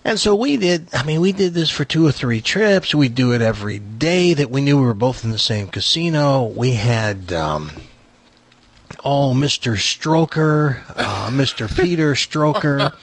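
A man's voice: mid-range voice, a little slow. An older man telling a story in casual chat, acting out the voices of the people in it. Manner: animated, acts out voices in his anecdotes. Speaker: show regular telling a story.

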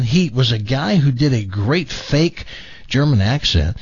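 A man's voice: medium pitch, expressive, normal speed, slightly rough, dry recording. A male radio talk show host, telling rambling, chuckling stories. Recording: dull broadcast audio.

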